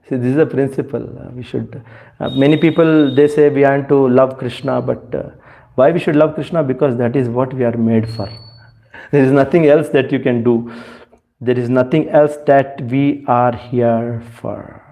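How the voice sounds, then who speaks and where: Here a spiritual speaker talks at a moderate pace in a mid-range, gravelly voice that stays steady and warm. His devotional talk is full of fillers as he searches for words, with rhetorical questions and mounting emphasis.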